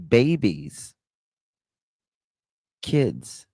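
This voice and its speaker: Brief: male live-stream host, lowish voice, very unhurried, dry close sound, impassioned and indignant. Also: a little mellow, no echo. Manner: impassioned and indignant, stretching words slowly; reads out and thanks chat viewers. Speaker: livestream host. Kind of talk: emotional live-stream commentary.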